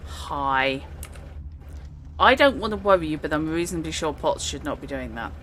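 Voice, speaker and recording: A woman's voice: deep voice, expressive, normal speed, fairly bright tone, a little hiss or hum. A woman streaming a game and commenting casually, wry and chatty with her chat.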